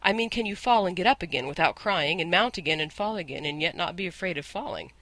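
A man's voice: high-pitched, lively intonation, quick pace, pushed and bright, no echo, full character voice. A man voicing a proud, bossy talking male war horse who speaks in a grand, lecturing, scornful way.

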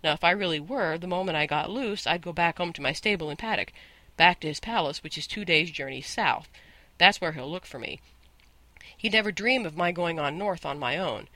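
A man's voice: on the high side, a little fast, sharp tone, no echo. Storybook horse: haughty male war horse, lecturing and lofty, dry close read by a male reader. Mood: scornful. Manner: scornful, lecturing, grand. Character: proud talking male war horse, bossy.

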